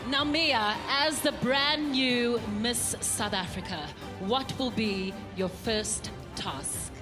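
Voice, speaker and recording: A woman's voice: a little high, takes it slowly. A woman hosting a pageant stage event, upbeat and projecting. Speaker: pageant host. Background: music.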